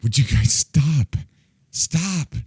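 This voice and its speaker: A man streaming and chatting loosely with his viewers, his voice bouncing all over in pitch. He laughs a lot, does goofy sound effects and plays at being fed up with the chat. The sound is dry and close, with no room in it. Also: expressive, very slow, darkish tone, slightly rough, no room sound. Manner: mock-exasperated as he reacts to chat. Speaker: livestream host.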